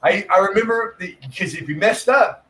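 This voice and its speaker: A man's voice: high voice, normal speed, a bit bright, slight background noise, low-quality recording. A man telling loose stories and jokes in casual chat, swearing freely and laughing often. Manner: profane storyteller, laughs often.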